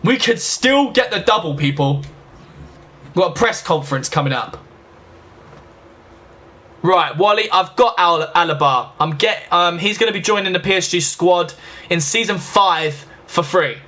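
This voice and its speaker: Young gaming host, high and bright, talks to viewers like mates, short-fused. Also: male voice. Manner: chatty, talks straight to viewers, quick to get annoyed. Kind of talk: casual let's-play commentary.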